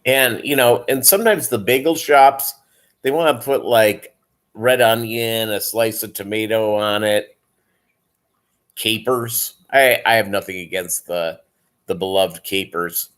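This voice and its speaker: A man's voice: lowish voice, fairly even intonation, unhurried, fairly bright tone. A tired man hosting a casual livestream, rambling with lots of fillers while he chats with viewers. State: tired, yawning. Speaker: livestream host.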